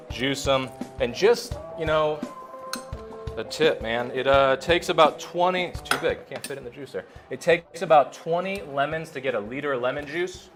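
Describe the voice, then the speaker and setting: A man who works as a bartender, talking casually and chattily while he makes a cocktail. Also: medium pitch. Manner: laid-back, chatty, says "man" a lot. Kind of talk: casual cocktail-making demo.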